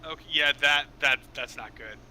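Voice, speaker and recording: A man's voice: a little high, normal speed, sharp tone, slight background noise. A man running a tabletop game as game master, laughing easily and tripping over his words as he corrects himself.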